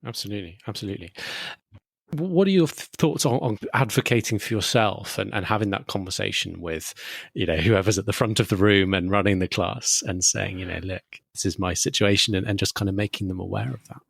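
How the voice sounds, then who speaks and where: Male podcast host, low pitch, gravelly fry, dry close sound, stumbles on openings. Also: fairly quick, fairly bright tone, no room sound. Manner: stammers on starts, agreeable. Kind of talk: conversational podcast interview.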